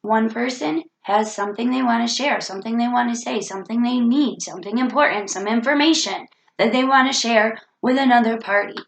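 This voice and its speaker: A woman's voice: a little high, a little fast, creaky, hardly any pauses, roomy sound, poor audio. Earnest woman vlogging with a cold. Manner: earnest, preachy, repeats key phrases. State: has a cold. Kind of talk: reflective self-help vlog monologue.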